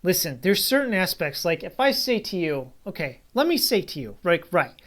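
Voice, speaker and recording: A man's voice: sits high, big pitch swings, moderate pace, fairly bright tone. A man talks through a film review in a loose, unscripted way. He is blunt and dismissive, and he keeps drifting into asides before circling back. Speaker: movie reviewer. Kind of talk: casual spoken film review.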